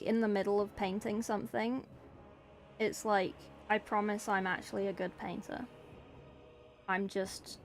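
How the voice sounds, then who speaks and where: A woman with a slight New Zealand tinge, chatting casually with stream viewers while painting miniatures, joking and self-mocking. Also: medium pitch. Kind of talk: casual live-stream chat answering viewers. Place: dark room at home at night.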